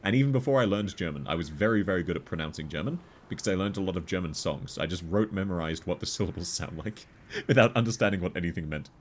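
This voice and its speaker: Man, low voice, animated intonation, casual game-stream chatter, laughs a lot. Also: fast, a little hiss or hum. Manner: chatty, laughs often, lively rises in pitch. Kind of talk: casual gameplay commentary chatting with viewers.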